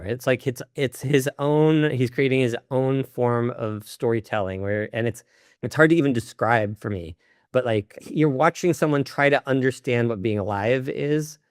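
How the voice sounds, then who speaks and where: A man answers interview questions over a video call in a loose, searching manner. He keeps circling back and restarting his sentences. His voice has a mid pitch and sounds dry and close, with no room around it. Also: clean tone, no echo. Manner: halting and searching, many restarts. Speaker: interview guest, filmmaker. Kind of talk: casual conversational interview. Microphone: video call microphone.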